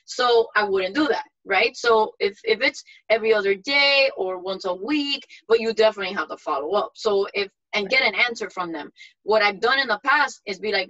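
A woman's voice: medium pitch, moderate pace, pushed and bright, highs cut off. A woman mentor giving practical, matter-of-fact advice on a video call. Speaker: mentor coach.

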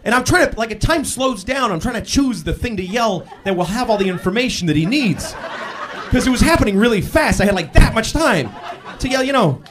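A man doing a stand-up set on a club stage, telling stories and breaking into loud yells for punchlines, with the audience laughing behind him. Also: very high-pitched, fairly quick. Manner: animated storytelling, bursts into loud yells for punchlines. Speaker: stand-up comedian.

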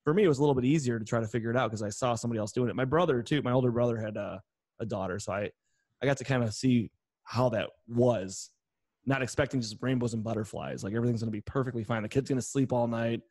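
A man's voice: mid-range voice, fast, no room sound. A man co-hosting a casual podcast chat who tells stories with swearing and acts out what other people said. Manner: animated storytelling, swearing, acts out quotes. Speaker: podcast co-host.

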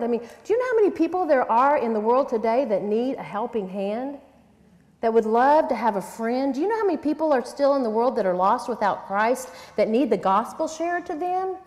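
A woman's voice: fairly high pitch, a little mellow. Earnest woman preaching in a reverberant hall. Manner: earnest, emphatic, rhetorical questions. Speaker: women's conference speaker. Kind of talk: sermon teaching. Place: large church hall.

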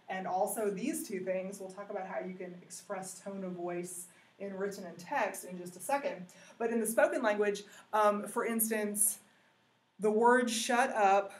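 A woman's voice: medium pitch, fairly even intonation, unhurried. A woman teacher giving a recorded lesson, explaining step by step with many ums and uhs. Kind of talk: recorded classroom lecture. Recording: roomy, mic far off.

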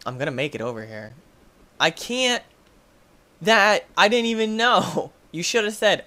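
A young man playing a video game and commenting on it, excitable, yelping and laughing often. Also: a little high, moderate pace. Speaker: gaming YouTuber.

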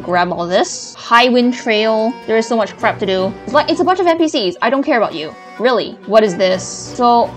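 A woman streaming a game, complaining sarcastically and swearing, her voice cracking from talking so long. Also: mid-range voice. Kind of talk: casual gameplay commentary.

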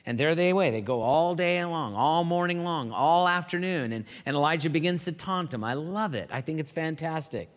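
Animated male pastor, reverberant church hall. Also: fairly high pitch, normal speed, hardly any pauses. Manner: animated storytelling, acting out quotes. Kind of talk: sermon.

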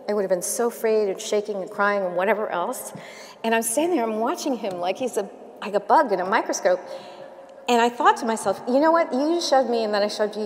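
A woman's voice: medium pitch, darkish tone. Candid woman speaker in a reverberant hall. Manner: candid storytelling with laughs and asides. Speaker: keynote speaker. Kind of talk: conference keynote and Q&A. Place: large domed hall.

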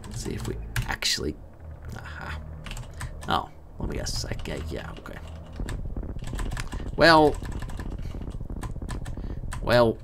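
A man's voice: extremely low pitch, huge pitch swings, slow pace, gravelly, long pauses, noisy background. A man giving casual, wry commentary while playing a game, often muttering to himself. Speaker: let's play host.

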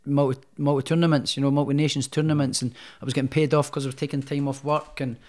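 In a casual podcast interview, a boxer talks through his story, rambling and restarting a lot. He's a fast talker with a medium-pitched, darkish voice that barely moves in pitch.

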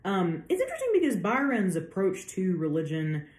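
A woman's voice: medium pitch, huge pitch swings, moderate pace, darkish tone, echoey room. A woman giving a casual literature lecture, chatty with many fillers, acting out quotes as she goes. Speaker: literature professor.

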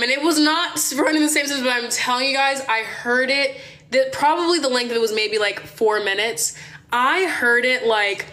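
Young woman from Maryland, slightly high voice, loose chatty livestream storyteller with frequent swearing. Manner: animated, chatty, swears, addresses viewers as y'all. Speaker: livestream host. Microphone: phone.

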